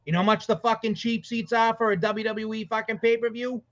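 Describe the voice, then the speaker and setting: A man co-hosting a casual sports podcast, rambling excitedly and swearing as he talks. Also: sits high, brisk. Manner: excited, profane, rambling with restarts. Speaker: podcast co-host. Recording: dull lo-fi audio.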